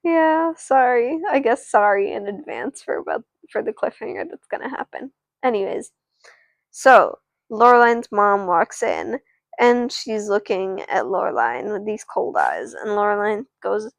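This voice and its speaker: A woman's voice: medium pitch, animated, a little slow, vocal fry, no room sound. A sleepy woman narrating a doll story on a live stream, rambling and chatting with viewers. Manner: rambling, with restarts and asides to viewers.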